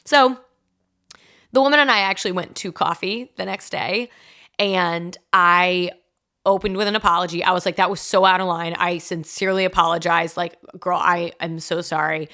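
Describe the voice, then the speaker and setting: A woman's voice: on the low side, steady tone, moderate pace, sharp tone. A young woman in her twenties with a Southern US accent, hosting a podcast alone and telling a personal story in a chatty, frank way full of "like" and swearing. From Mississippi, US South. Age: 20s. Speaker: podcast host. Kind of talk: casual storytelling monologue.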